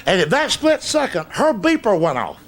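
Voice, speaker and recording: A man's voice: high-pitched, normal speed, a crowd in the background. Folksy man doing stand-up. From Southern United States. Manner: folksy drawl, cussing punchlines, lively delivery. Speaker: stand-up comedian. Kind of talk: stand-up storytelling. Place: comedy stage before a live audience. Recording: noisy live stage recording.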